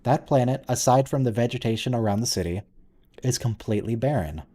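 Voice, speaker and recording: A man's voice: mid-range voice, brisk, warm tone. A man hosting a watch-along, chatting casually and thinking aloud as he comments on the episode. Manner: musing, conversational, thinks aloud with restarts.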